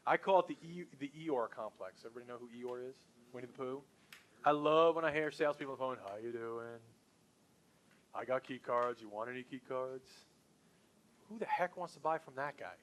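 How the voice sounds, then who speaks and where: Middle-aged man, sales trainer, slightly high voice, lively and punchy, talks straight to a group. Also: a little fast. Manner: enthusiastic, conversational, punchy.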